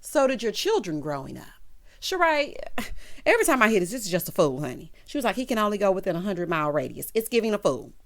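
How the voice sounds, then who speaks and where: A woman giving a sassy, gossipy commentary on a reality TV episode, breaking into loud laughs. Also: medium pitch, very animated, fast. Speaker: reality TV recap host. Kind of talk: casual recap commentary.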